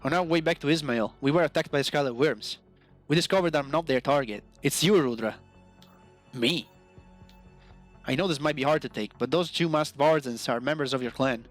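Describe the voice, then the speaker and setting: A man's voice: fairly high pitch, moderate pace, faint music behind, natural voice. A man reading aloud the lines of an earnest, guilt-ridden young male adventurer in a role-playing game, speaking in an apologetic, serious manner.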